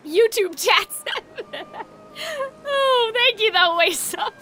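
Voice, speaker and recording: A woman streaming a game, chatting and giggling with her viewers in quick asides. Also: very high voice, lively intonation, pushed and bright, faint music behind. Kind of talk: live game stream commentary.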